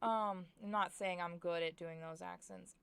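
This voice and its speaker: A tired young woman from Oklahoma with an Oklahoma accent, chatting excitedly and rambling as she streams a life-simulation game. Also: lowish voice, normal speed, creaky, clear, resonant tone. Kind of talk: casual chat while playing a game.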